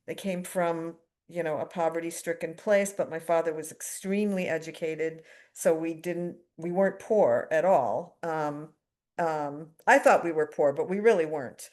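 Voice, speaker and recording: A woman's voice: low-pitched, normal speed, darkish tone. A middle-aged woman from the United States giving a candid, self-deprecating personal recovery share at a twelve-step meeting, with fillers and wry asides.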